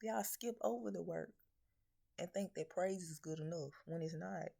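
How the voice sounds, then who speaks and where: In a low, gravelly, warm voice at normal speed, a woman aims a blunt spiritual message directly at her viewers. She is a confrontational, no-nonsense reader who scolds, curses, and fires off one rhetorical question after another.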